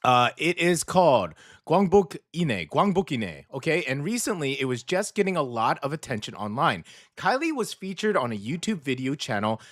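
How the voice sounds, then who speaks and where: A male radio host talking casually, chatty and relaxed, often tagging his sentences with "okay?". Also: a little high, normal speed, no room sound, clean studio sound. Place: radio studio.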